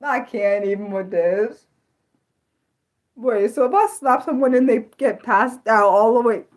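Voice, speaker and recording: An American woman runs an unscripted livestream, chatting excitedly and responding to viewer comments. She frequently restarts sentences, blurts out exclamations and lets mild curses slip. Her voice sits on the high side at a measured pace.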